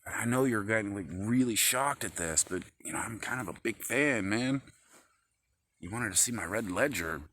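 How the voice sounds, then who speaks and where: A man with a low voice and a sharp, pressed edge to it. He rambles in an irritated, profanity-laced monologue recorded on his phone, jumping between complaints. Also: expressive, moderate pace. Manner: agitated, profane ranting. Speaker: vlogger.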